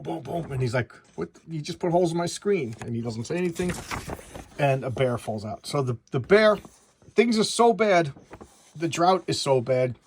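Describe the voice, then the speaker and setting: A man's voice: medium pitch, slight background noise. A man giving a casual, chatty comic book review, rambling through the story with frequent restarts.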